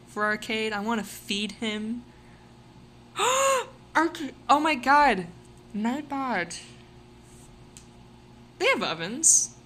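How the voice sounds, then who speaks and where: A young woman talks on a live stream in a rambling, giggly way, full of ums and restarts. Her tone is bright and forceful even though her voice sounds a little sore. A faint background hiss sits under her voice. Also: on the high side. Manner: rambling, giggly, many fillers. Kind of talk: casual live-stream chat.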